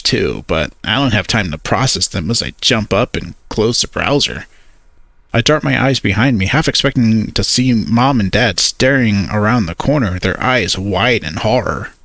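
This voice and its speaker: A man's voice: on the low side, gravelly, fairly bright tone, dry recording. A man narrating a first-person story, hesitant and awkward in his character's lines.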